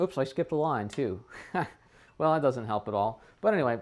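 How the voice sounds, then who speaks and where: A trumpet teacher talking a student through his practice session, thinking aloud and often checking in with a quick "right?". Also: medium pitch, expressive, narrow, tinny audio, faint music behind. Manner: thinks aloud with frequent restarts. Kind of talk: casual practice demonstration.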